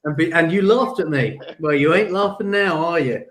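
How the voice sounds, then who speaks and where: A man who runs a crypto company, speaking in a measured, cautious way on a livestream. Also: on the high side, roomy sound. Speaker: guest, company CEO. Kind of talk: casual crypto livestream chat.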